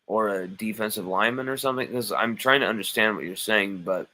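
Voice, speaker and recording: A man's voice: fairly low pitch, a little fast, sharp tone, slight background noise, rough recording. A man hosting a live sports stream, reading chat comments aloud and arguing back with playful mock indignation.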